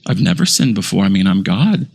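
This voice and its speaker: A man preacher voicing a stranger who calmly claims to be God, in a self-assured, serene way. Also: deep voice, brisk, creaky, slightly rough, voice pushed down, heavily acted. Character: man claiming to be God, sweet then menacing.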